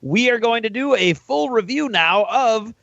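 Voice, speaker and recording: A man's voice: very high-pitched, animated, unhurried, vocal fry, a bit bright, dry recording. Friendly man, dry lo-fi sound. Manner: friendly, conversational. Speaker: podcast co-host. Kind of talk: casual chat. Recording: dull lo-fi sound.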